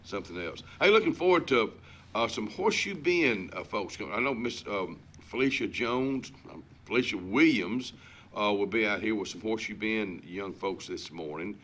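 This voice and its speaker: A man with an Alabama Southern drawl hosts a morning talk show in casual chat. He rambles folksily, full of fillers and restarts, and his fairly low voice has a bright, forceful edge. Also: slight background noise.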